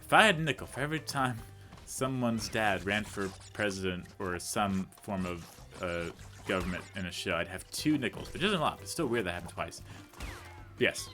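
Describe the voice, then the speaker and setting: A man with a lowish voice chats his way through a video game playthrough. He rambles off on tangents and pokes fun at himself as he plays. Faint music plays underneath. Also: lively intonation, moderate pace, bright, forceful tone. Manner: rambling, chatty, goes off on tangents; self-deprecating, jokey asides. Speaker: let's play commentator. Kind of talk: casual gameplay commentary.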